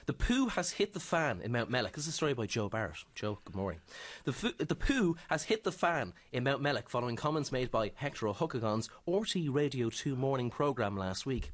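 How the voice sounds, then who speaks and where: An Irish man, producer of a breakfast radio show, reads a news story aloud in a mock-stern tone. He talks fast at a mid pitch, speaking from a studio. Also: sing-song. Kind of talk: mock-serious reading of a news story on air.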